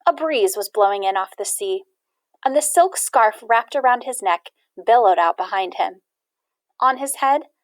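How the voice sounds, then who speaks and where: Woman, storybook reading, animated, expressive, high voice, dry sound. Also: no room sound. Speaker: audiobook reader.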